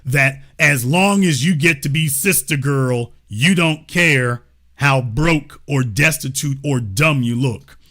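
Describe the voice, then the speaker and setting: A man in the middle of his pitch range hosts a livestream political commentary show. He talks in a mocking, sarcastic way. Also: slow, pushed and bright. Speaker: show host.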